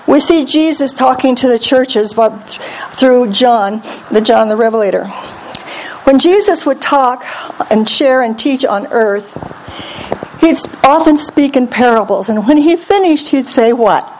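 A woman delivers a spirited sermon in a high, bright voice. She tells stories, asks questions, and has the congregation repeat verses after her. A faint hum of noise sits behind her. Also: measured pace. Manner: lively, calls on the congregation to repeat. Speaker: preacher.

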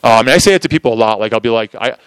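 Animated man telling a testimony. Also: mid-range voice, rapid-fire, clean tone, no echo, poor audio. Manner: animated storytelling, many "like" fillers. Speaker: preacher giving a testimony. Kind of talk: casual sermon testimony.

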